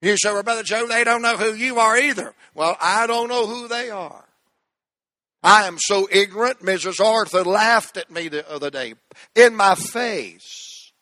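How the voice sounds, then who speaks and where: A man's voice: high voice, measured pace, dry recording, studio quality. A man pastor, preaching a sermon and calling the congregation to repeat words after him. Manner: call-and-response preaching, rising to shouts.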